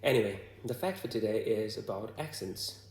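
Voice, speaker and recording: A man from Bhutan with a Bhutanese accent, talking to the camera in a hesitant, halting way full of fillers. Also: fairly low pitch, animated, a little mellow, roomy sound. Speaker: vlogger. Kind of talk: casual talk to camera.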